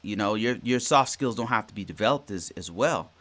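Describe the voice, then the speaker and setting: Brisk and lively in intonation, his fairly low voice has a fairly bright tone. The forties-aged podcast host rambles through a work story in casual solo talk, often circling back to repeat or restart phrases.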